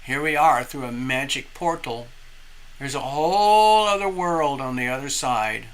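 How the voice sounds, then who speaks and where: A man's voice: medium pitch, animated, unhurried, fairly bright tone. A man giving a live tarot reading in a rambling, spiritual manner. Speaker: tarot reader.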